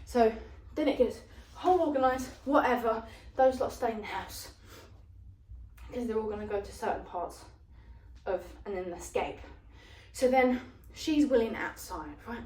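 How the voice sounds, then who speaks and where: Young woman, high-ish voice, chatty rambling retelling, recorded on a phone across an echoey room. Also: unhurried, pauses often, distant mic. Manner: rambling and animated, with lots of fillers. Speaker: vlogger retelling a film plot. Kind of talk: casual rambling plot retelling. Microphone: phone propped up at a distance. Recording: roomy, voice off the phone mic.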